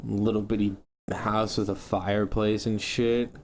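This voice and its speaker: A man's voice: fairly low pitch, little pitch movement, a little slow, darkish tone, a little hiss or hum. Laid-back young man in a casual chat. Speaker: podcast co-host.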